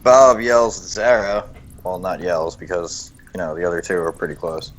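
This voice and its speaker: Man, player, low voice, hesitant, faint background noise. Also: fairly even intonation, moderate pace. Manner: hesitant, full of fillers. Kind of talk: tabletop role-play.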